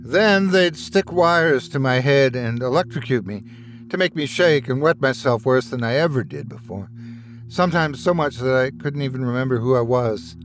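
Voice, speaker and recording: A man's voice: medium pitch, animated, normal speed, a little hiss or hum, natural voice. A man voicing a tall, hidden asylum patient who talks like a small, timid child, over background music. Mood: timid, sad. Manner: timid, whimpering. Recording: music bed underneath.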